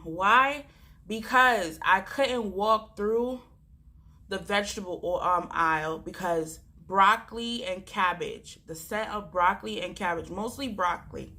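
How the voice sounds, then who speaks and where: A woman's voice: mid-range voice, unhurried, sharp tone. A young woman from Jamaica, chatting casually and animatedly to her vlog viewers. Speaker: vlogger.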